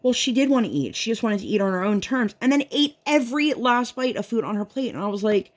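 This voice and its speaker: A woman's voice: on the high side, animated, quick pace, hardly any pauses. Chatty woman rambling while crafting. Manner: rambling, chatty, heavy use of "like". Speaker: vlogger and mother. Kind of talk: casual chat while crafting.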